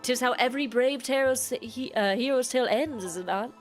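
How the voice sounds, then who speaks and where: A boastful, cowardly young male knight, as a woman puts him on, talks up heroes and princesses in grand old-fashioned phrases, then stammers out excuses. The voice sits rather high for a man. Faint game music plays beneath. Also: fairly quick, close to an everyday voice. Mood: pompous.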